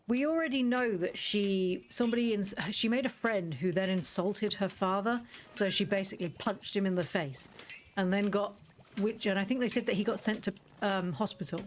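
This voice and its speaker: A woman's voice: mid-range voice, slight background noise. A woman streamer giving casual gameplay commentary, chatty and joking, laughing often.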